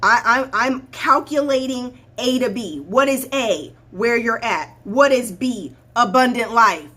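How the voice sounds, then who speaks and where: On her own show, this woman life coach speaks straight to her livestream audience, preaching bluntly and hammering points through repetition. Her voice sits on the high side, bright and pushed, with a slightly slow delivery.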